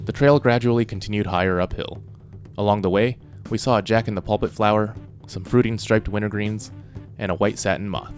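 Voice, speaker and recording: A man narrating a hiking trip in a calm, measured scripted voice-over. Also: on the low side, faint music behind. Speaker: narrator and hiker.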